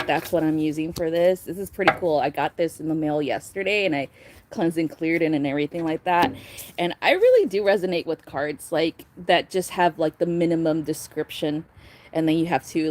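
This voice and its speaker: Young female card reader, low-ish pitch, relaxed rambling delivery with frequent laughter. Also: a little hiss or hum. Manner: chatty, laughs often, swears casually. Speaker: tarot reader. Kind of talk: casual spiritual vlog reading.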